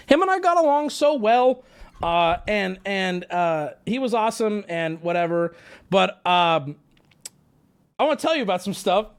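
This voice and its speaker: A man's voice: sits high, very animated, a little slow, clear, resonant tone. A young man telling a rambling story on a live stream, talking to chat and swearing freely.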